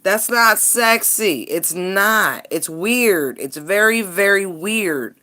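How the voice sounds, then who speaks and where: A woman reads tarot cards in a loose, chatty way. Her voice is bright and clear at a middle pitch, and she speaks bluntly and often breaks into laughter. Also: expressive, slow pace. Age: adult parent. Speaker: tarot reader. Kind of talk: casual tarot reading commentary.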